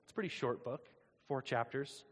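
A man preaching a sermon in a casual, animated, conversational way. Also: mid-range voice, normal speed, breathy edge. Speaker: pastor. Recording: long hall reverb.

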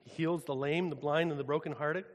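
A man preaching a sermon in a casual, animated, conversational way. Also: a little high, fairly quick. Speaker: pastor. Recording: long hall reverb.

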